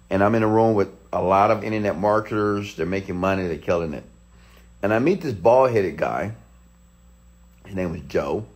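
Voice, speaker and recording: Telling a personal story with animation, this deep-voiced motivational speaker in his thirties breaks out in sudden, excited shouts.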